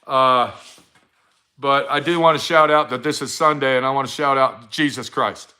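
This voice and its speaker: A man's voice: mid-range voice, normal speed, bright, forceful tone, clean tone. A middle-aged man giving a blunt, profane motivational talk to his viewers, full of swearing and preachy advice. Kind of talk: profane casual motivational rant.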